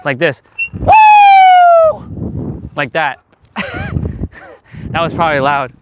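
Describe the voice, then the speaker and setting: A man live-streaming from an outdoor park, musing in a rambling, unhurried way while he swings. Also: fairly high pitch, steady tone. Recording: noisy outdoor recording.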